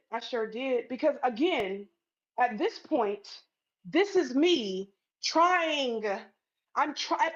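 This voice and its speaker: High-voiced woman ranting a storytime, blunt and swearing a lot, kinda dull lo-fi sound. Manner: blunt, profane, emphatic retelling. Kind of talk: storytime rant to camera.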